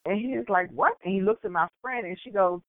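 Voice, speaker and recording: A man's voice: sits high, quick pace. A man from suburban Maryland, chatting casually as a podcast co-host and telling stories playfully. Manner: animated, playful storyteller, laughs often. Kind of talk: casual chat. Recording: tinny phone-like sound.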